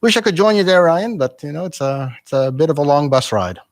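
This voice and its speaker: A man's voice: a little high, lively intonation, fairly quick, no room sound, studio quality. A man hosting a community radio interview who talks in a hesitant way, full of fillers and restarts. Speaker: radio host.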